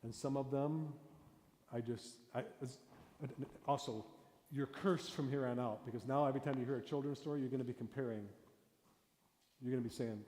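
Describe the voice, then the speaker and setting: A man who is a pastor leads a hands-on storytelling workshop, talking casually and then slipping into whispered, suspenseful story openings. His voice is mellow and dark. It echoes through a large hall with a long reverb tail. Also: medium pitch, normal speed. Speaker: pastor teaching a storytelling class. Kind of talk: interactive workshop lesson. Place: church hall.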